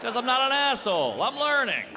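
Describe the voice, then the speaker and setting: A man doing stand-up comedy, brash and deadpan, acting out quick back-and-forth exchanges on stage. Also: very high voice, background noise. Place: comedy club stage before a live audience. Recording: live club recording with reverb and crowd.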